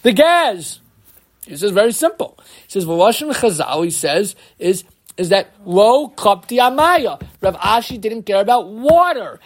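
A man's voice: sits high, moderate pace. A man teaching a Torah class as a rabbi, reading Hebrew sources aloud and translating them line by line, and putting questions to his listeners. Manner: lively, asks the listeners questions.

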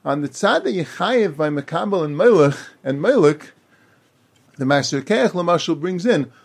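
A man giving a Talmud lecture, explaining quickly in run-on sentences and acting out the speakers he quotes. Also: fairly high pitch. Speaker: Talmud teacher.

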